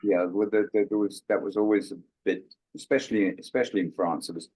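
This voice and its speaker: A man's voice: fast, low-quality recording. An older man from England, a musician guest in an interview, telling stories and acting out the dialogue of the people in them. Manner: animated storyteller, acts out quoted dialogue with big pitch jumps. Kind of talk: casual storytelling interview.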